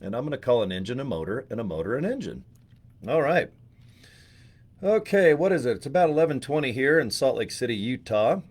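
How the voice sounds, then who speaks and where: A man's voice: medium pitch, big pitch swings, brisk, a little mellow. A man hosting a live stream in casual chat, joking and rambling with crude humor, recorded in his studio.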